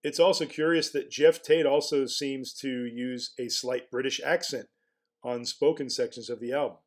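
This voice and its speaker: A man's voice: mid-range voice, fairly even intonation, moderate pace. A man talking through his ideas in casual spoken commentary as a blogger. He muses aloud, asks rhetorical questions and often restarts his phrases.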